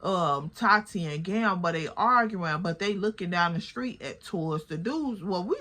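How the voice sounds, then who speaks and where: A woman's voice: on the low side, expressive, normal speed, bright, forceful tone. A young woman telling viewers a storytime in a casual, slangy, profane way and calling them girl.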